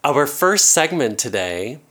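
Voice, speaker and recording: A man, co-hosting a podcast in casual chat, playful and quick to laugh while telling stories. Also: medium pitch, very animated, a bit bright. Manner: playful, laughs often, storytelling. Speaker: podcast co-host.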